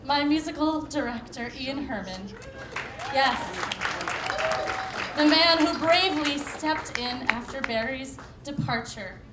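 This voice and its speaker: A woman's voice: sits high, slow pace, over a noisy crowd. A woman, a cabaret singer, giving an emotional acceptance speech on stage at an award show and thanking a long list of people. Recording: echoey hall with background noise.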